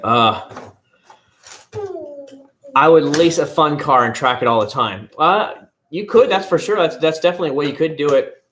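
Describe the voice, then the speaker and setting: A man's voice: on the high side, moderate pace, long pauses, fairly bright tone. A man streaming live from his living room at home, chatting casually and answering his chat in a rambling way.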